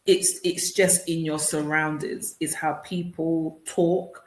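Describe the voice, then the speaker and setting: In a roomy, echoing recording, a woman answers radio interview questions as an author and consultant. Her voice sits low, and her delivery is slow and flat. She explains things earnestly, often repeating words as she restarts a thought.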